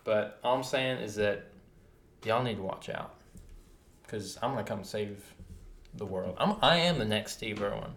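A man's voice: on the low side, normal speed, vocal fry, long pauses, fairly bright tone. A man co-hosting a casual podcast, talking in a passionate, emphatic, ranting way. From United States. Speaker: podcast co-host. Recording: roomy echo.

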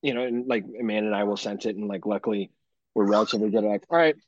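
A man on a podcast chats casually and swears freely as he tells animated stories about parenting. His voice is husky and the sound is dry and close. The recording is a little dull and lo-fi. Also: fairly low pitch, racing, no room sound. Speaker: podcast co-host. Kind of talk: casual chat.

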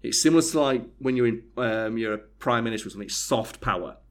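Young man, casual storytelling, mid pitch. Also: fast. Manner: animated storytelling, acts out quoted dialogue, swears freely. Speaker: podcast co-host telling a story. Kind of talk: casual chat.

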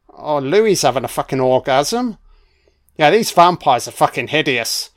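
Slow, foul-mouthed British man. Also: fairly high pitch, clear, resonant tone. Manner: constant swearing, blunt, reacts out loud to on-screen events. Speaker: film commentator. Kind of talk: live film reaction commentary.

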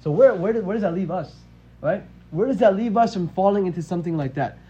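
A man's voice: high voice, lively intonation, fast talker, dark tone. A man in his twenties telling a religious story in a casual, conversational way and often asking "right?". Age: 20s. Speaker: religious teacher. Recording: dull lo-fi audio with faint hiss.

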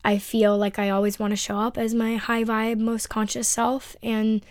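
Under-the-weather woman podcaster, flat delivery. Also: on the high side, dry recording, studio quality. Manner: reflective, rambling with ums and pauses. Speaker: podcast host. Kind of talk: unedited solo podcast monologue.

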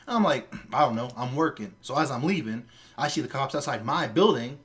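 A man co-hosting a casual podcast, telling a story in a lively, profane way. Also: mid-range voice, a little fast. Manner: animated storyteller, swears freely. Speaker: podcast co-host.

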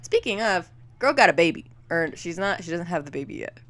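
Chatty opinionated young woman, low voice. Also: very animated, brisk, a bit bright, no echo. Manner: chatty, opinionated, filler-heavy. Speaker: podcast co-host. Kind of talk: casual chat.

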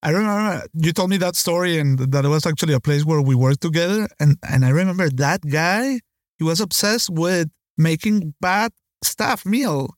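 A man's voice: on the high side, moderate pace, no room sound, studio quality. A man, a chef and podcast co-host, talking in a rambling casual chat with many "you know"s.

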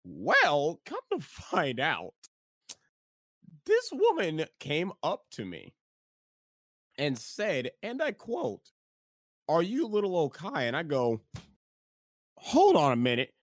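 A man's voice: on the high side, slow pace, long pauses, no room sound, clean studio sound. A man co-hosting a casual podcast, telling a story with lots of laughter and acted-out quotes. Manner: animated, laughing, acts out quoted lines. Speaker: podcast co-host.

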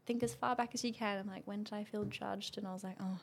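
A young woman in her twenties chats about her experience, slipping into quoted voices and laughing as she goes. Her voice sits at an ordinary middle pitch, and the talk is loose and animated. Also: quick pace, vocal fry, breathy edge. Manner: animated storytelling, acts out quotes, laughs often. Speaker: guest. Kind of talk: casual chat.

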